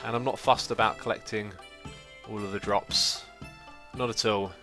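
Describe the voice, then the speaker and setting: A man's voice: lowish voice, fairly even intonation, normal speed, sharp tone, soft background music. A man hosting a casual gameplay livestream, chatting away and reading out messages from viewers. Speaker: livestream host.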